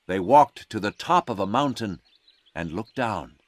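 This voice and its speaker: Slow, expressive male storyteller. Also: on the low side, no room sound. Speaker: narrator. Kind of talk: slow graded-reader story narration.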